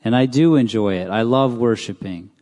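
A man's voice: mid-range voice, normal speed, warm tone. A man giving a casual, conversational sermon in a church, often putting questions to the congregation. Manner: casual, asks the crowd questions. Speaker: preacher. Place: church hall. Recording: long hall reverb.

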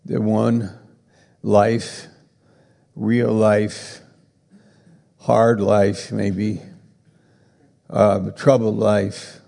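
A man preaching a sermon as pastor, halting and repeating words for emphasis, with a gravelly voice. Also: lowish voice, completely flat delivery, mellow, long reverb tail.

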